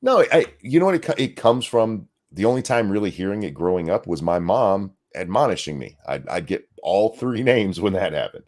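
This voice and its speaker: Brief: middle-aged male co-host, low voice, very animated delivery, profane jokey live-stream banter. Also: a little fast, few pauses. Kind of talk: casual live stream chat reading donations.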